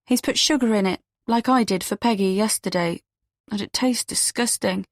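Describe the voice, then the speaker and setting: A woman narrates a first-person audiobook at a middling pitch. Her voice has a gravelly, fry-touched texture. The sound is dry and close, with no room around it. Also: moderate pace, no room sound.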